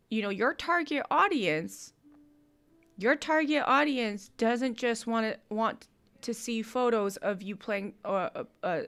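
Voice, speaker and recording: A woman's voice: mid-range voice, a bit bright. A woman hosting a live-stream music review, coaching an artist with technical notes on vocals and production. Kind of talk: live-stream feedback on submitted songs.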